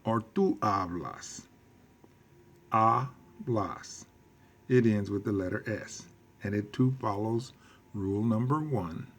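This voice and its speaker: A man teaching a recorded lesson, speaking slowly, quizzing his class and repeating key phrases for emphasis. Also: on the low side, slightly rough. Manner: slow and deliberate, quizzing the class. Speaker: Spanish teacher.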